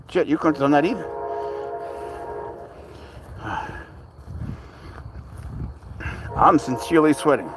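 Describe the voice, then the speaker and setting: A man's voice: a little high, lively intonation, extremely slow, long pauses, noisy background. A man hosting a casual live stream with his pet cat, chuckling as he answers viewer questions while walking outdoors. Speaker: livestream host with a pet serval. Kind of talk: casual live-stream chat reading comments.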